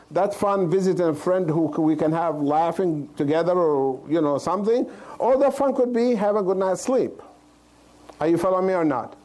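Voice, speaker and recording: A man's voice: on the high side, a little mellow, poor audio. A man, a cardiologist, giving an informal health lecture to a live audience, plain-spoken and checking in with listeners as he goes. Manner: plain-spoken, loose grammar.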